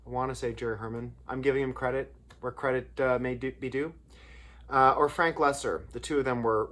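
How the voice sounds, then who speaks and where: A man's voice: medium pitch, fairly bright tone. A man, a songwriter and lyricist, talking casually about writing lyrics, telling anecdotes and often restarting his sentences. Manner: anecdotal, rambling with restarts and fillers. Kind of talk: casual talk on songwriting craft.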